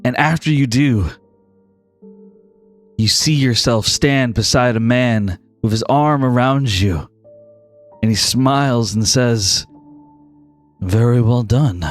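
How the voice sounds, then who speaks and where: A man narrating as game master, building each scene in a steady, dramatic voice. His pitch sits in a middle range. Faint background music plays under him. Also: takes it slowly, pauses often.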